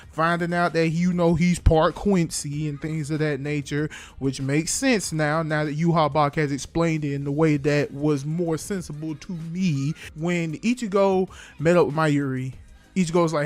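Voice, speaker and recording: High-voiced young man, slangy and animated. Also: normal speed, soft background music. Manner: animated, slangy, acts out scenes. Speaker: anime reviewer. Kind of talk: casual review vlog.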